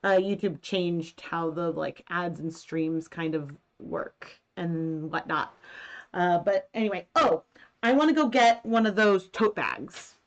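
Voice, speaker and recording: A woman's voice: lowish voice, slow pace, dull audio. A woman in her thirties hosting a casual knitting live stream from home, talking in a rambling way with many fillers. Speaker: knitting and yarn-dyeing host.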